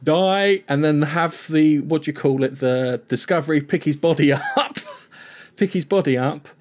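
Animated, swearing man recapping TV. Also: fairly high pitch, moderate pace. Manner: rambling, swears freely, animated retelling. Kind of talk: casual TV recap chat.

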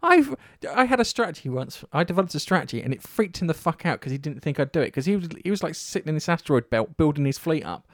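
A man with a fairly high voice talks fast with hardly any pauses, chatting casually about games. He rambles, swears a lot, and tells stories with animation, all recorded at studio quality with no room sound.

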